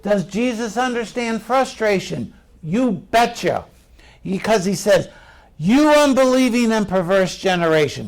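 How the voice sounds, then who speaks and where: A man's voice: sits high, creaky. A middle-aged male pastor preaching a sermon in a conversational way, asking the congregation questions.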